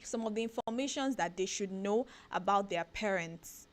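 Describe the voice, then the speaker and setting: A woman, hosting a casual radio talk segment, chatty and animated, laughing often and asking rhetorical questions. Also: mid-range voice, normal speed. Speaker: radio show host. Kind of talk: casual talk segment giving parenting advice.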